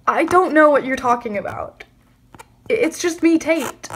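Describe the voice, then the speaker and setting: A woman's voice: high-pitched, normal speed, close to an everyday voice. A young woman voicing Tate, an awkward grown man with a unibrow who mumbles sheepishly.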